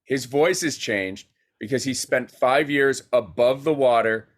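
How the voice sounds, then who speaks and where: A man, a guest filmmaker, telling a story in a casual podcast chat, animated and rapid with many fillers. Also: mid-range voice.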